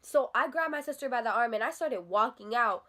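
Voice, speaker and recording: A young woman vlogger telling a story in a casual, animated, and profane storytime style. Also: a little high, brisk.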